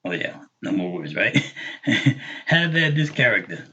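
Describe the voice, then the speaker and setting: A man teaching a live online language lesson, patiently repeating words slowly for learners. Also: lowish voice, big pitch swings, sharp tone, slightly rough, dull audio. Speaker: Arabic teacher.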